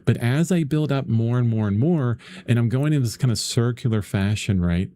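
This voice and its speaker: A middle-aged man teaching painting in a casual live lesson, rambling, chatty and quick to laugh while he chats with viewers. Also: mid-range voice, warm tone. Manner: rambling and chatty, laughs often, lots of fillers. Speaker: painting instructor.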